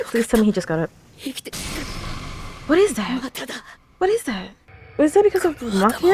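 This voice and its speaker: A young woman chats through an anime episode in a loose, filler-packed way, gasping and exclaiming often. Her voice swoops up and down constantly. A clear soundtrack plays underneath her. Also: fairly high pitch, sing-song, moderate pace, pauses often, darkish tone, faint music behind. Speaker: anime reaction host. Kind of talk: casual reaction commentary. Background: anime episode soundtrack playing.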